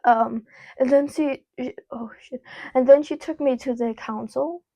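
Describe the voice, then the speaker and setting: A woman's voice: sits high, fairly even intonation, measured pace, warm tone, no room sound, rough recording. A teenage girl telling a personal story to camera in a candid, rambling way, full of "like" and casual swearing. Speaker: vlogger. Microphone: small clip-on mic.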